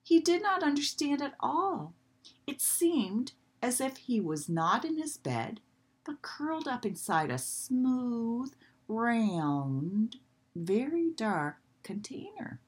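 A woman reading a children's storybook aloud in a gentle, expressive way. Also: on the high side, slow pace, breathy edge.

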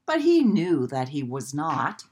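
A woman reading a children's storybook aloud in a gentle, expressive way. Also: deep voice, a little slow, husky.

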